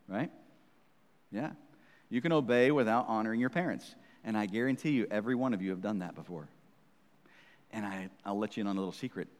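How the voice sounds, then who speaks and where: A man preaching a sermon as the pastor, in a conversational, teasing way, often checking in with "right?". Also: medium pitch. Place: church. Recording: reverberant church hall.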